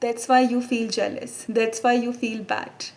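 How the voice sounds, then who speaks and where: A woman's voice: a little high, fairly even intonation, a little slow, a little mellow. A woman with an Indian English accent talking earnestly to her phone camera from her room, slipping into Hindi mid-sentence as she reflects. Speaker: self-help vlogger.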